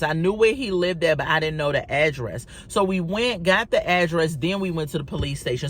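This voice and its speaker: A woman recording a storytime vlog, talking casually to her viewers with lots of fillers and calling them y'all. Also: lowish voice. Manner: chatty, addresses viewers as y'all, many fillers. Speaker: vlogger.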